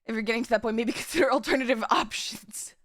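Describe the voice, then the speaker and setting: Woman streamer, high bright voice, giggly, rambles and trips over her words. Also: fast, no room sound, clean studio sound. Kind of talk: casual live-stream chat.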